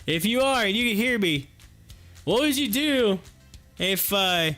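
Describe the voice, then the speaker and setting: Chatty high-voiced man streaming trades. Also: expressive, measured pace, pushed and bright, faint music behind. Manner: chatty, reads viewer comments aloud, laughs often. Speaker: livestream stock trading host. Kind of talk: casual live-stream commentary.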